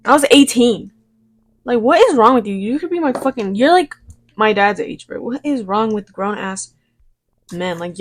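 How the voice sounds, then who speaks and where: A woman's voice: medium pitch, fairly quick. A young woman, chatting and telling rambling work stories while getting ready, swearing freely and acting out her own replies. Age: young adult. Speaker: vlogger. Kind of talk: get-ready-with-me storytime chat.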